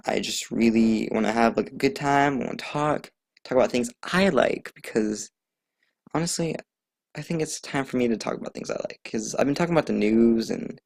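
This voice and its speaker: A man's voice: mid-range voice, moderate pace, vocal fry. A young man hosting his own casual solo podcast, rambling and joking at his own expense. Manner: rambling, jokey, self-deprecating; loose, chatty, trails off with many fillers. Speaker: podcast host.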